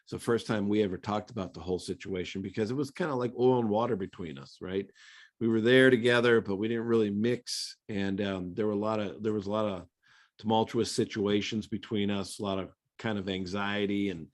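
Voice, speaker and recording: A middle-aged man, a former pro quarterback, telling stories in a relaxed, conversational interview full of fillers. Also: fairly low pitch, fairly quick. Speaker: former NFL quarterback, guest. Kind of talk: casual storytelling interview.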